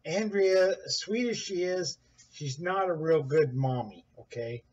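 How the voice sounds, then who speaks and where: A man casually telling a rambling story, animated, quoting others in a raised voice, with a husky voice. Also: on the high side, measured pace, highs cut off. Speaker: guest recounting events.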